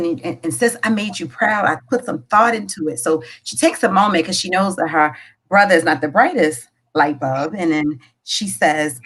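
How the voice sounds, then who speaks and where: Animated woman podcast co-host. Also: mid-range voice, moderate pace, slightly rough, poor audio. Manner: animated storyteller, voices quoted characters. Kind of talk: casual podcast chat and joke telling.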